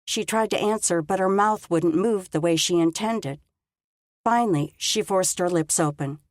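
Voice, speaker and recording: A woman narrating a story in a calm, measured audiobook reading. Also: on the low side, no echo, clean studio sound. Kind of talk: scripted narration.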